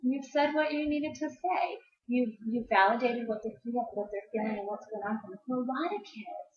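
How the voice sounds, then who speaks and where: A woman giving parenting advice in a casual chat, animated as she acts out what a parent and child might say. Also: a little high, brisk. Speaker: parenting expert guest. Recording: roomy, dull lo-fi sound.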